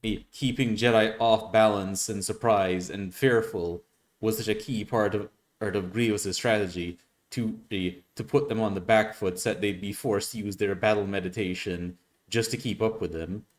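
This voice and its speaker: A man talks through his thoughts in casual reaction commentary, his voice on the lower side. He stops and restarts often, circling back over his words as he works out his point. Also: steady tone. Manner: halting, many restarts and fillers. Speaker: reaction video host.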